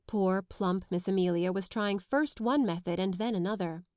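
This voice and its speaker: A woman narrating a classic children's novel in a measured storytelling voice. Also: mid-range voice, darkish tone, dry recording. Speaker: audiobook narrator. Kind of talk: scripted narration.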